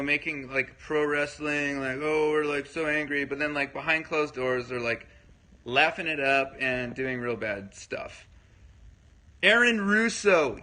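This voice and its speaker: Bright-voiced rambling man on a livestream. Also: on the high side, low-quality recording. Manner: rambling, filler-heavy, keeps checking in with listeners. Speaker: livestream host. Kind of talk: casual livestream talk, answering viewer comments.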